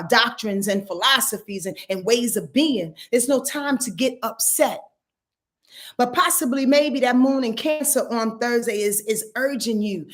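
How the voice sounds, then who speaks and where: A woman giving a casual astrology forecast, talking in an earthy, emphatic way and swearing freely. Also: on the high side.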